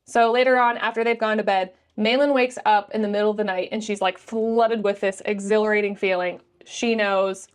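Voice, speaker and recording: A woman's voice: medium pitch, fairly even intonation, clear, resonant tone. A woman giving a casual book review, chatty and full of "like" fillers. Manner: chatty, lots of "like" fillers, quick laughs.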